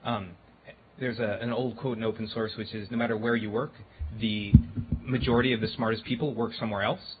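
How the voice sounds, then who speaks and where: A man's voice: on the low side, steady tone, fairly quick, faint music behind. A man speaking casually to a live audience, loose and chatty with many fillers. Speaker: guest speaker on AI and animal communication. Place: event hall before an audience. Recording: tinny phone-like recording with faint noise.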